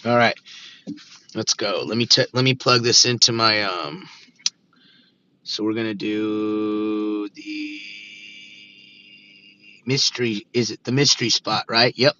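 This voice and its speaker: A man's voice: lowish voice, fairly even intonation, slow pace, pauses often, pushed and bright. Rambling man streaming from his car. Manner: rambling, talks to himself and chat, playful nonsense words. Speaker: live streamer. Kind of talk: casual live-stream chatter while driving. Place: inside a car. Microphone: Bluetooth mic. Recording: dull lo-fi stream audio with road noise.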